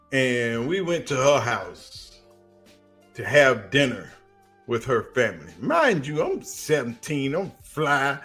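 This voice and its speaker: This is casual, animated sports talk from a livestream: a Southern US man with a fairly high voice tells stories and leans on slang throughout.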